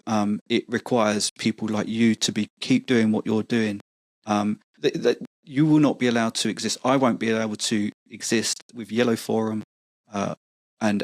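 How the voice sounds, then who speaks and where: A man's voice: lowish voice, no echo. A man as a podcast guest, earnest and persuasive, often stumbling and repeating words. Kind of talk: casual podcast conversation.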